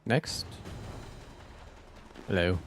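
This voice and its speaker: A man's voice: drawn-out words, a little hiss or hum. A man casually commenting on his gameplay in a playful, self-deprecating way. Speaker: streamer.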